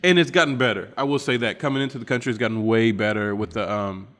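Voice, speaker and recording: A man's voice: on the low side, fast, fairly bright tone, big-room sound. A man with an Appalachian accent, co-hosting a podcast in a rambling, laughing casual chat. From West Virginia. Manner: laughing, rambling, filler-heavy. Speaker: podcast co-host.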